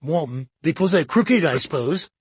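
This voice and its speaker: An audiobook reader voicing a bored, sarcastic gentleman sidekick who speaks haltingly and drily. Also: mid-range voice, sing-song, breathy edge, no room sound. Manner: hesitant, halting, dry and sarcastic. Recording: dull lo-fi audiobook.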